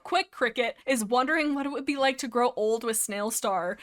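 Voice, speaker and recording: A woman's voice: a little high, moderate pace, hardly any pauses. Woman narrating her cat-clan game for video; chatty, rambling, fond of acting out lines. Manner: chatty, lots of fillers, acts out character lines. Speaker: gaming YouTuber. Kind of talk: casual let's-play storytelling.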